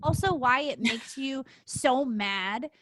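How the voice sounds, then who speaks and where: A woman co-hosting a casual podcast chat, calm and supportive as she moves the talk along. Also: sits high, slow. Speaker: podcast co-host.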